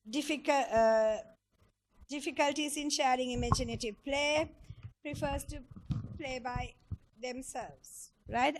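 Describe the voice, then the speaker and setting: A woman delivers a clinical teaching lecture, explaining things step by step and posing questions to her audience. Her voice sits high.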